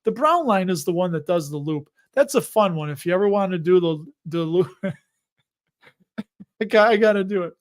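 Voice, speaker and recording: A man's voice: high-pitched, lively intonation, normal speed. A man in his late thirties or forties with a Chicago accent, hosting a livestream and chatting casually in a rambling, joking way. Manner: rambling, jokey, chuckles between remarks. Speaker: host of an investing livestream.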